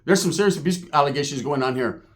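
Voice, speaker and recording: Californian dude spinning a cussing rambling street story, voice on the high side, does everybody's lines. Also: male voice, quick pace. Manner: profane, rambling, slang-heavy, acts out quoted voices.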